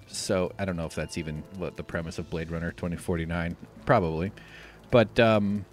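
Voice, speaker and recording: A man's voice: low-pitched, fairly quick. Sarcastic rambling American man. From United States. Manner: sarcastic, rambling, deadpan jokes. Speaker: livestream host. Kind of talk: casual live-stream chat.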